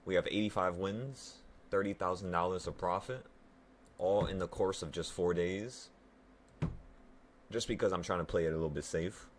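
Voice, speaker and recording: A man who is sick, excitedly and profanely talking viewers through his live trades and cursing at himself. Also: deep voice, a little hiss or hum. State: sick, voice affected by illness. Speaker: trading vlogger. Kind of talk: live trading commentary to viewers.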